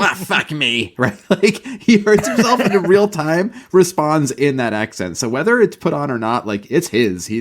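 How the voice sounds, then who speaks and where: A man co-hosting a podcast, chatting casually about a sitcom, swearing freely and laughing often. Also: medium pitch. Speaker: podcast co-host. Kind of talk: casual chat recapping a sitcom.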